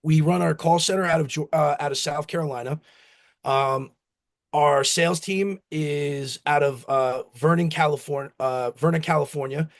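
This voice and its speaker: A man's voice: on the high side, creaky. A man, a company founder from the United States, telling rambling stories with acted-out quotes in a casual interview. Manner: rambling, anecdotal, acts out family quotes.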